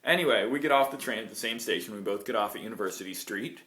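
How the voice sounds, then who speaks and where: A man telling a true story on his vlog in an animated, digressive way. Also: fairly low pitch, fast. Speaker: vlogger. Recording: roomy echo.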